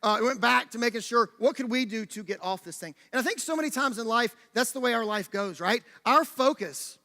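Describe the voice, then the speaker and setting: A man preaching a sermon in a church, telling a personal story in an animated way and directing a volunteer on stage. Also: very high voice, brisk. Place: church sanctuary. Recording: church hall reverb.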